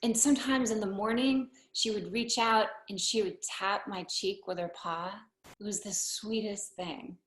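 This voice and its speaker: A woman telling a personal story live on stage, unhurried and wry, with deadpan asides. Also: mid-range voice. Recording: roomy hall echo.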